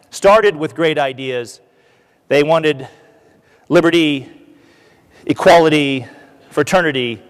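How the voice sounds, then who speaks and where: An American man giving a conference talk as a keynote speaker, an animated storyteller who acts out what the crowd shouts. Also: a little high, big-room sound. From United States. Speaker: keynote speaker, retired army colonel. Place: large conference hall.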